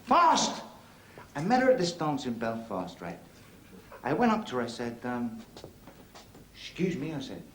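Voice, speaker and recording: An actor playing a crude, cheeky middle-aged club comic from Belfast, with a Northern Irish accent, doing a bawdy stand-up routine on stage. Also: male voice, medium pitch, huge pitch swings, measured pace, long pauses, noisy background. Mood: cheeky patter. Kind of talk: 1970s TV drama, stand-up routine. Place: club stage before an audience. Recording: roomy club hall, loud audience.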